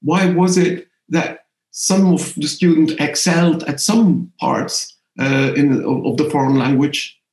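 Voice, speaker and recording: A middle-aged man speaks English with a French accent, his voice sitting a little high. He answers in a reflective, halting way with many restarts. The room adds a noticeable echo. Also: steady tone, darkish tone. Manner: thoughtful, hesitant, frequent restarts. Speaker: interviewee, language professor. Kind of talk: conversational interview. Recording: roomy echo.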